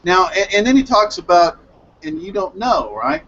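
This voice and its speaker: Guy on a headset in a web hangout, bouncy lively voice, kinda muffled lo-fi audio w faint hiss, rambling recap full of restarts. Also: high voice, normal speed. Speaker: hangout host reviewing anime. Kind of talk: casual group hangout chat. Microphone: headset mic on a video call.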